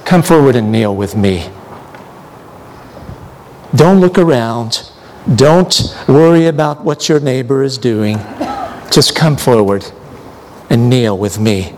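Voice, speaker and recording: A man's voice: mid-range voice, expressive, darkish tone, slight background noise. A man preaching a sermon, building to emphatic repeated appeals, then leading an altar call and prayer. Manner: slow, with rising emphatic repetitions.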